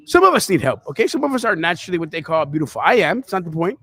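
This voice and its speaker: High-voiced chatty male podcast host. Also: big pitch swings, rapid-fire, few pauses, bright, forceful tone. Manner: rambling, chatty, addresses listeners as kids. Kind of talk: casual live football commentary. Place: restaurant.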